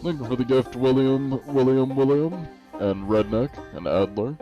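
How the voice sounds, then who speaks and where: A man's voice: mid-range voice, moderate pace, dull audio, music in the background. An American man streaming, chatting casually with viewers in a rambling way, with laughs and many fillers. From United States.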